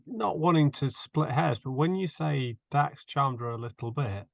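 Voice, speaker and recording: A man's voice: fairly high pitch, lively intonation, normal speed, gravelly, no room sound, muffled recording. A man playing a tabletop game, joking around with crude asides in casual banter. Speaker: player.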